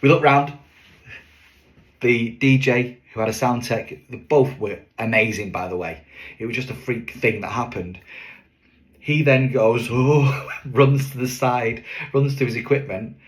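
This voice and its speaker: A man's voice: medium pitch, measured pace. A man, a singing waiter, chatting to camera as he tells a story from a show. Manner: chatty, lively, with fillers and asides.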